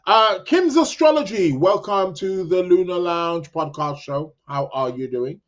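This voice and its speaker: Slow, rambling male podcast host. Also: high-pitched, expressive, muffled recording. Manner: slow, rambling, many ums and restarts; chuckling, addresses listeners as "people". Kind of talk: casual live astrology chat.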